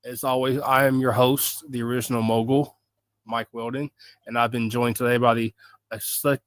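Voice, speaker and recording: A man hosts a podcast in loose, casual conversation. He jokes and teases playfully, his voice sitting in a middle pitch. The sound is dry and close, with no room around it. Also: level tone, normal speed, no room sound. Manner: joking, playful teasing. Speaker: podcast host.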